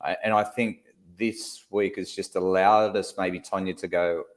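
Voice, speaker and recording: A man's voice: deep voice, measured pace. An Australian man co-hosting a casual live-stream chat, talkative and swearing now and then. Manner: chatty, swears casually, animated. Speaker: co-host.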